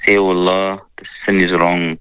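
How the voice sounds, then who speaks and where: Man giving a relaxed radio talk. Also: low-pitched, moderate pace, clean tone, no room sound, muffled recording. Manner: relaxed storytelling, acts out quoted people with slang. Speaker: mufti answering questions. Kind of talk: radio religious Q&A chat.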